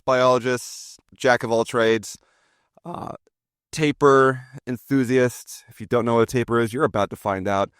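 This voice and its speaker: A man's voice: medium pitch, clear, resonant tone, no echo, clean studio sound. A man in his forties hosting a podcast, telling stories in a chatty, jokey, self-deprecating way. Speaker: podcast host. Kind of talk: casual storytelling chat.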